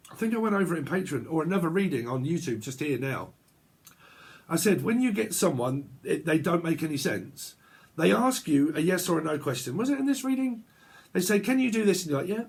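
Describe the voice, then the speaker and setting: A man reads tarot cards in a casual vlog, and his voice is husky and sits a little high for a man. He rants and swears freely, voicing both sides of imagined arguments as he goes. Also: very animated, brisk. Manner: ranting, swearing, acts out imagined dialogue. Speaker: tarot reader.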